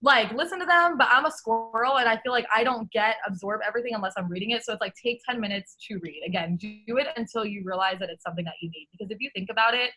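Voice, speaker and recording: A young woman speaks over a video call with a bright, somewhat high voice. She tells stories in a lively, casual way, swearing now and then and laughing easily. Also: fast, few pauses, rough recording. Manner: animated storytelling, laughing often, casual swearing. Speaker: guest coach.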